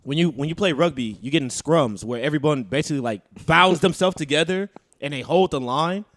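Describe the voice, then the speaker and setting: Laid-back young man, slightly high voice. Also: fairly quick, fairly bright tone, no room sound. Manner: laid-back, says "bro" a lot. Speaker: podcast co-host. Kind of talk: casual chat.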